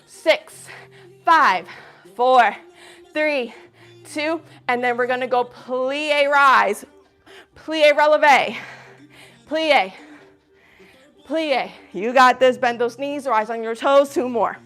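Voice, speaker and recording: A woman's voice: high voice, slow pace, pauses often, fairly bright tone, soft background music. Breathless upbeat woman coaching a workout. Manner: upbeat, encouraging, counts reps and whoops. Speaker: fitness instructor. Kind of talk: live workout instruction.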